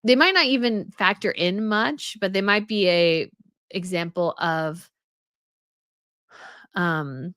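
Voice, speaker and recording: A woman's voice: on the low side, takes it slowly, pauses often, fairly bright tone, clear, resonant tone, no echo, clean studio sound. A woman hosting a live stream, reading viewer comments aloud and chatting casually, often restarting and repeating phrases. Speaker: host of a royal news live stream.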